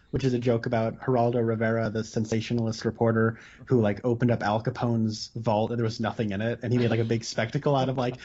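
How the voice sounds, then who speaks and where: A man's voice: medium pitch, steady tone, fast talker, hardly any pauses, dark tone. Filler-heavy male podcast co-host. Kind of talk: casual movie discussion. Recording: lo-fi audio.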